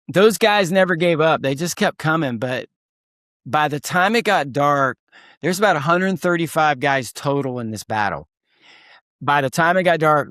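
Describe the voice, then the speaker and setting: A man's voice: on the high side, no room sound, clean studio sound. A man telling war stories as a podcast guest, emphatic and pushing hard on key points. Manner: emphatic, rising to near-shouts at key points. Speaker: guest, combat veteran and speaker. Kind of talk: storytelling interview talk.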